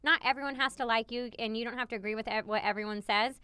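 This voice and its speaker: A woman's voice: a little high, fairly even intonation, fast talker, pushed and bright, clean tone, dry recording. A woman in her thirties co-hosting a podcast, telling family stories in a chatty way and laughing often. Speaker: podcast co-host, stylist coach. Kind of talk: casual podcast chat.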